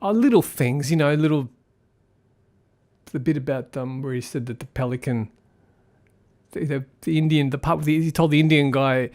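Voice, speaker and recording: Guy ranting through a casual movie review, kinda high voice, rambly and critical. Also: normal speed, darkish tone. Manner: rambling, critical, thinking aloud. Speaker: film reviewer. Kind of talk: casual spoken film review.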